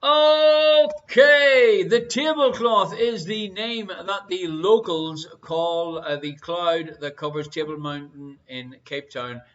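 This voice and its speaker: A man's voice: fairly high pitch, slow pace, hardly any pauses. An Irish man hosting a casual online quiz show, reading out questions and answers with joking banter and hesitant fillers. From Ireland. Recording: muffled, lo-fi stream audio.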